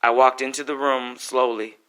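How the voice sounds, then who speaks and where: A man's voice: medium pitch, level tone, normal speed, sharp tone, smooth. A man performing an emotional spoken-word story, intense and pleading.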